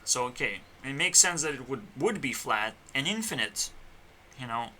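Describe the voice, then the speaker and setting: A man talking as a YouTuber in a rambling solo rant, profane and meandering, swinging between loud outbursts and mutters. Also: medium pitch, animated, moderate pace, a little hiss or hum. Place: home computer setup.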